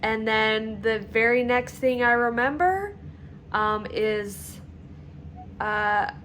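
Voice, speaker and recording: A woman with a slightly high voice recounts a personal story to camera. She talks slowly and haltingly, pausing on fillers as she pieces memories together. A faint background hum sits under her voice. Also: fairly bright tone. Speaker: vlogger telling her own illness story.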